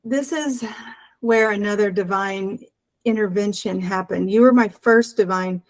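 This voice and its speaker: A woman's voice: medium pitch, unhurried, poor audio. A woman telling an earnest personal story as an interview guest, acting out the dialogue as she goes.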